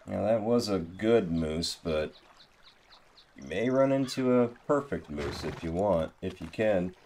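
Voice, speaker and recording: A man's voice: low voice, animated, unhurried, darkish tone, slight background noise. A man streaming a game live, chatting easily and thanking viewers as he plays, talking into a headset. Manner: easygoing, thanking viewers as they go. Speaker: gaming streamer. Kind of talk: live gameplay commentary. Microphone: gaming headset. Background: game music and hoofbeats.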